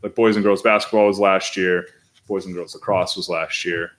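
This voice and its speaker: Low-voiced man reporting at a meeting. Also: fairly even intonation, normal speed, fairly bright tone. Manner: hesitant, thinking aloud with restarts. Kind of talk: school board meeting discussion. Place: meeting room.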